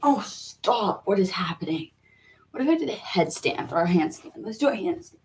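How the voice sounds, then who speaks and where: A woman's voice: mid-range voice, sing-song, normal speed. A young woman chatting casually to her viewers while she exercises, giggly and nervous, talking to herself and a little out of breath. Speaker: vlogger.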